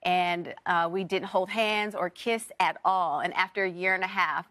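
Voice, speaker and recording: A woman's voice: lowish voice, fairly even intonation, normal speed. A woman in her thirties, an actor and author, telling heartfelt stories as a guest on a morning TV show in a studio. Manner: warm storytelling, heartfelt.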